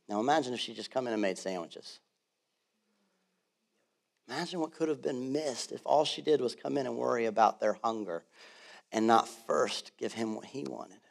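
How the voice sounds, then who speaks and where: A man in his thirties, a pastor delivering a sermon in a church, moving from quiet storytelling to loud, fervent preaching. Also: fairly low pitch, gravelly. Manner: builds from soft storytelling to loud passionate preaching. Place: church sanctuary.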